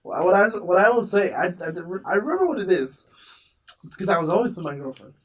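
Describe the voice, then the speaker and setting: Young man with a higher joking voice. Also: animated, fairly quick, fairly bright tone, husky, far from the mic. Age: young adult. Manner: joking, swearing, laughs easily. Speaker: podcast co-host. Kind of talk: casual chat.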